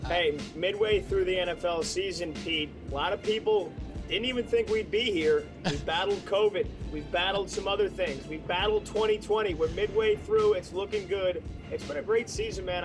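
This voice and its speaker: A man's voice: high voice, moderate pace, music in the background. A man co-hosting a sports podcast, talking in an upbeat, chatty way with frequent restarts. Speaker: podcast co-host. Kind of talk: casual sports podcast chat.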